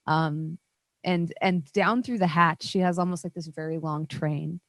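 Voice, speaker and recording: A woman narrating as dungeon master in a tabletop game, relaxed and gentle, with lots of fillers. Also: on the low side, unhurried, no room sound.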